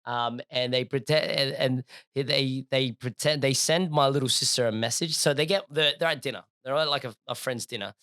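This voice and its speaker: A young adult man, a podcast co-host telling a story in casual, slangy chat, animated and laughing as he goes. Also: medium pitch, normal speed, few pauses, smooth, dry recording, clean studio sound.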